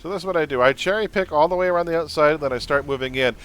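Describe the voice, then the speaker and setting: A man's voice: on the high side, racing, fairly bright tone, clear, resonant tone. A man streaming a superhero game, chatting casually and bluntly with his viewers and teammates while he plays. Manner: chatty, blunt, venting with laughs. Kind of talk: casual gaming livestream chat.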